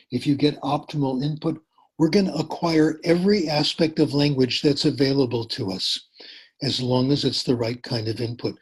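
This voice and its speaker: An older man giving an informal lecture, deliberate, repeating phrases for emphasis with dry humor. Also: medium pitch, husky, rough recording. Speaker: language education lecturer.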